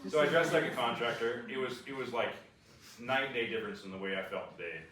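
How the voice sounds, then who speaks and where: A man sharing a personal testimony, animated and restless, full of fillers and restarts. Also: medium pitch, fast. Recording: echoey room, far from the mic, faint noise.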